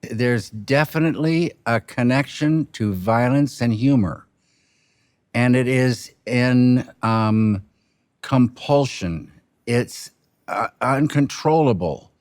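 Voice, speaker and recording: A film director speaking reflectively, with a halting manner of trailing off and restarting mid-sentence. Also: male voice, medium pitch, darkish tone, no room sound, studio quality. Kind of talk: reflective interview talk.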